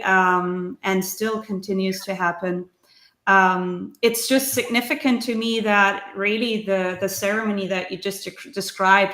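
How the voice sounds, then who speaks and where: A woman's voice: mid-range voice, fairly bright tone. A woman from Germany, telling a heartfelt personal story in conversation, earnest and searching, with frequent ums and restarts. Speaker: ceremony practitioner sharing experiences. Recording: roomy echo.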